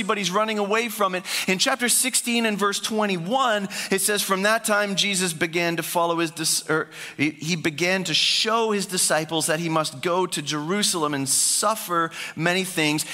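A man's voice: high voice, pushed and bright, big-room sound. A man preaching a sermon as pastor, speaking in a conversational, emphatic way.

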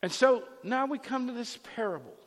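A man preaching a sermon as a pastor, telling a personal anecdote in a lively, animated storytelling manner. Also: very high-pitched, brisk, in a large hall.

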